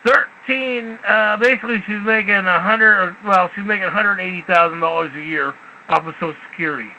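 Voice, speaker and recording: A man's voice: high voice, brisk, lo-fi sound, slight background noise. A man hosting a casual radio talk show, blunt and rambling, with profanity.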